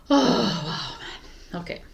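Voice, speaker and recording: A woman reading tarot in vlog bloopers, giggling and flustered, stumbling and restarting, with quiet asides under her breath. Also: fairly high pitch, creaky. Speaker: tarot reader.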